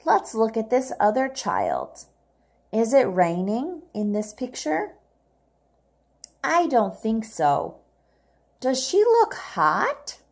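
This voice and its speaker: A woman's voice: mid-range voice, a little mellow. A woman teaching children English phonics, patiently asking questions and praising their answers.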